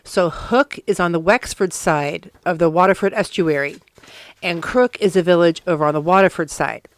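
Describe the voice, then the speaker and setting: A woman's voice: lowish voice, moderate pace, no echo. A woman co-hosting a podcast, explaining where old phrases come from in a curious, informative way. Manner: explanatory, curious about word origins. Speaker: podcast co-host. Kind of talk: casual chat, sharing history.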